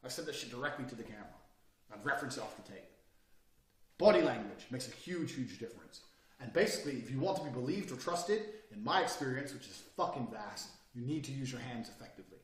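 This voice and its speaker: A man in his thirties giving a blunt, profane motivational lecture, forceful and brash as he tells his listeners how to speak and carry themselves. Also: mid-range voice, animated, fast talker. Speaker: course instructor. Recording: roomy sound, mic at a distance.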